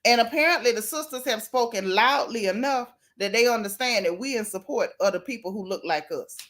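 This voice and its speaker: A woman giving sassy, animated commentary on reality TV to her viewers. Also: a little high. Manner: sassy, animated, talks straight at the people she mocks. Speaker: gossip vlogger.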